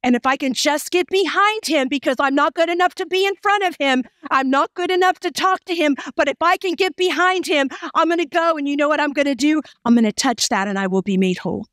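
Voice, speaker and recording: A woman preacher voicing a desperate, ashamed woman who longs to be healed, speaking in a pleading hush. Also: high voice, a little fast, few pauses, dry recording, clean studio sound. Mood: determined.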